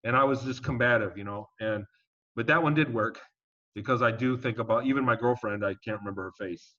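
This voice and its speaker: A man being interviewed as a guest, telling his story in a casual, animated and emphatic way and swearing now and then. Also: medium pitch, a little fast. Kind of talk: conversational storytelling. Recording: dull lo-fi audio.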